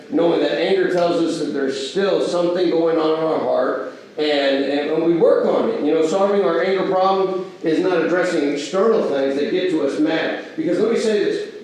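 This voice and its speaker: Male Bible class teacher, higher voice, casual teaching tone, recorded far off in a very echoey hall. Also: a little mellow. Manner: asks the audience rhetorical questions; acts out everyday quoted exchanges. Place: church hall.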